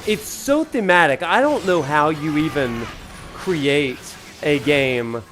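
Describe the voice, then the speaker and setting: A man's voice: on the high side, animated, takes it slowly, noisy background. A man with a Southern US drawl hosting a live gameplay stream, greeting chat viewers with enthusiasm. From Alabama, USA. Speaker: streamer and professor. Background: faint game music.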